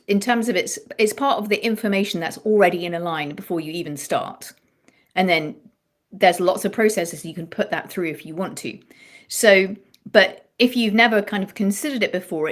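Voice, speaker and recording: Low-voiced woman songwriting coach explaining. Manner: thoughtful, explains with examples, restarts phrases. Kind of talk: explanatory live-stream chat.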